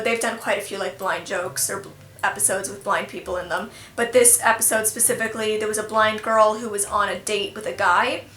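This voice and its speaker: A young woman vlogger telling a storytime tale in an animated, self-deprecating way, laughing at herself. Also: medium pitch. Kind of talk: storytime vlog. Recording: echoey room, faint music.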